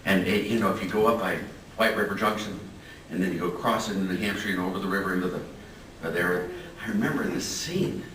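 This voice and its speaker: A man's voice: deep voice, fast talker, fairly bright tone. An older man giving a folksy, chuckling talk as a guest speaker. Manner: chuckling, storytelling. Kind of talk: folksy anecdotal speech. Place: lecture hall. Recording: roomy hall from far off, faint noise.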